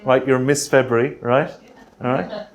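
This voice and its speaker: A man presenting a grant writing workshop, punchy and energetic, checking in with the room with quick rhetorical questions. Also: mid-range voice, crowd noise. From Australia.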